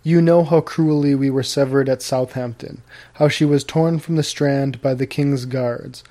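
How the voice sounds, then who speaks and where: A man's voice: medium pitch, steady tone, unhurried, warm tone, natural voice. Man voicing a solemn Puritan husband. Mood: earnest. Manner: formal, old-fashioned earnest speech.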